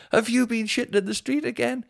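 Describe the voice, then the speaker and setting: A man's voice: extremely high pitch, fairly even intonation, drawn-out words, gravelly, voice pushed up, heavily acted. A man doing a furious, shrieking shopkeeper. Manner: shouting, scolding. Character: furious middle-aged male corner-shop owner.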